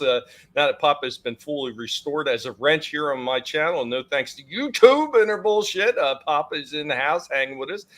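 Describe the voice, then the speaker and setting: A man's voice: fairly high pitch, fairly bright tone. A man hosting a casual live-stream chat, joking, cussing and greeting chat viewers by name. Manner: jokey, rambling, cusses, reads chat names. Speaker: host.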